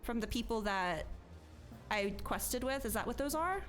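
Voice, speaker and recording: A woman streamer chats casually with her viewers while playing, her voice a little high and emotional. She laughs often and sounds close to tears. Soft game music plays underneath. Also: lively intonation, a little slow. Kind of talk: casual live-stream chat.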